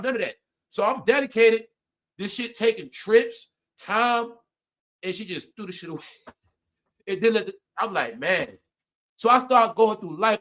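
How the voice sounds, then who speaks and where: Animated high-voiced man telling stories. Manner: animated, swings between loud outbursts and low mutters; laughs often while telling stories. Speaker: live stream host. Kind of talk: casual storytelling to viewers.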